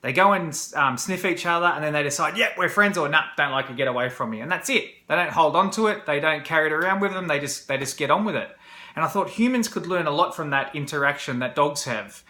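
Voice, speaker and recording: A man's voice: on the high side, quick pace, pushed and bright. A man, a vlogger, talking casually to camera about his own experiences, rambling with fillers and restarts. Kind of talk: candid personal storytelling to camera. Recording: roomy echo.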